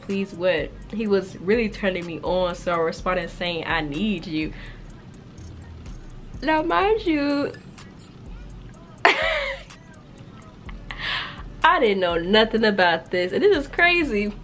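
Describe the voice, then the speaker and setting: A young woman casually reacting to and reading her old writing aloud, animated and slangy, with frequent laughter in her delivery. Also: fairly low pitch, moderate pace. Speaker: YouTuber.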